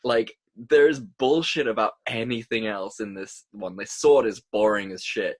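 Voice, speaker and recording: A man's voice: on the low side, unhurried, no room sound. Swearing, laughing young man chatting. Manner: excitable, swears often, laughs a lot. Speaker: podcast co-host. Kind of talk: casual chat.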